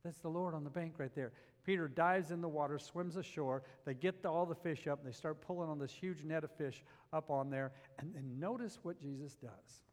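A man preaching a sermon, climbing to loud emphatic peaks and dropping to quiet, low passages. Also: normal speed, few pauses, big-room sound. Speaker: pastor.

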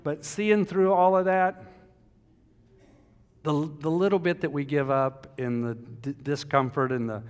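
An older man preaching a sermon, storytelling and emphatic, rising loud then dropping soft, in a church. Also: fairly high pitch, steady tone, measured pace, clear, resonant tone. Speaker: pastor. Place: church sanctuary. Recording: long hall reverb.

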